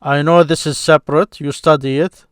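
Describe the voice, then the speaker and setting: A man's voice: on the high side, steady tone, normal speed, a bit bright, clear, resonant tone, dry recording, studio quality. A man teaching grammar, patiently walking through examples step by step. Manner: patient, step-by-step, pointing things out. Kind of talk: explaining at a board or screen.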